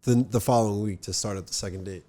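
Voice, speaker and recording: Rambling young man with a mellow voice. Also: fairly low pitch, steady tone, fast talker. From northern New Jersey. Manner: rambling, filler-heavy. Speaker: podcast host. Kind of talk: casual chat.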